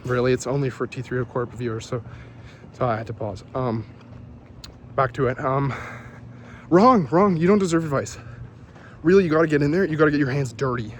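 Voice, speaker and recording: A man's voice: mid-range voice, brisk, pauses often, a little hiss or hum. A man rambling through a casual vlog while walking outdoors on a city street, often losing his train of thought. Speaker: vlogger.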